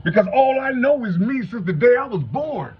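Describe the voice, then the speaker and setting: A vlogger in his fifties from Cincinnati, Ohio, delivers a rambling, stuttering monologue to viewers, thick with swearing and "you know what I'm saying." His voice is very animated and breathy-edged at a moderate pace, full of salty street talk. The home recording is dull and low-fi, with a faint hum.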